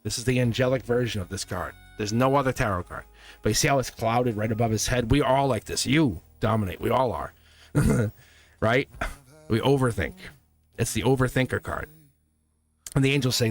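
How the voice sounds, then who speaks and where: A man of middle pitch rambles through a casual tarot livestream from his own studio, chuckling between thoughts. Faint music plays quietly behind his talk. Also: brisk. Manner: rambling, chatty, laughs often. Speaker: tarot reader and host.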